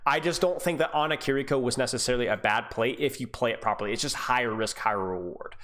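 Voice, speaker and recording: A man's voice: medium pitch, quick pace, a bit bright. Chatty man breaking down a match live. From Scottish heritage. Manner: casual, chatty, many restarts, thanks subscribers. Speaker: esports coach and streamer. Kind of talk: live stream game analysis.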